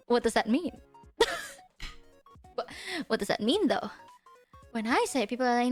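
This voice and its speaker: A young woman chatting casually on a livestream as a VTuber, animated and rambling. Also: a little high, moderate pace, faint music behind. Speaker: VTuber streamer.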